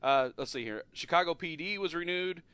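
A man's voice: fairly high pitch, lively intonation, fairly quick, bright, forceful tone, smooth, no room sound. A middle-aged man hosting a casual podcast chat, talking loosely with frequent laughs and trailing off at the ends of sentences. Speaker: podcast host.

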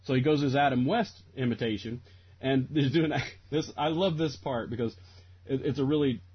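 This man's slightly rough, medium-pitched voice moves at a moderate pace as he chats about a film on a podcast. As co-host and reviewer, he rambles, keeps restarting, and laughs a lot, all captured in dull lo-fi sound.

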